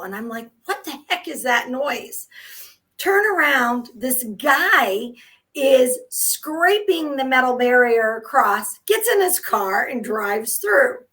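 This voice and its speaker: A woman co-hosting a casual chat, telling stories in an animated way with quick laughs. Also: high-pitched. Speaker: co-host. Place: lives in the Netherlands.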